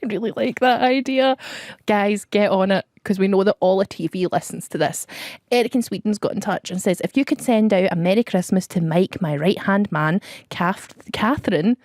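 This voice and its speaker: A woman's voice: medium pitch, moderate pace, darkish tone, no room sound. A woman hosts a late radio show, reading listener messages and giggling through jokes with her co-host. Her voice sits in a middle register. The studio sound is close and dry. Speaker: radio presenter.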